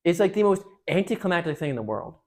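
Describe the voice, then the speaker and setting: A young man giving a youth talk at a parish, emphatic and joking, jumping between loud outbursts and hushed asides. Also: sits high, sing-song, fast talker. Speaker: parish speaker.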